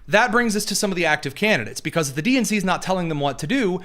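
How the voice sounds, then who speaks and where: A man's voice: high voice, expressive, racing, a bit bright. A man hosting casual political commentary, sarcastic and jokey, with frequent fillers and asides.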